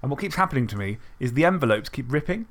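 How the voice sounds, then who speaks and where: Male podcast co-host from the Isle of Wight, southern English accent, chatty and self-mocking, medium pitch, prone to rambling asides. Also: animated, rapid-fire, a bit bright. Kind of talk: casual chat.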